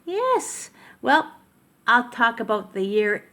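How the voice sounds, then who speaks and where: A woman's voice: fairly high pitch, sing-song, slow pace, bright, forceful tone. An older woman from Canada chatting to camera from her kitchen, rambling and interrupting herself as she talks, recorded on a tablet. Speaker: vlogger. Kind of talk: casual chat to camera. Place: home kitchen.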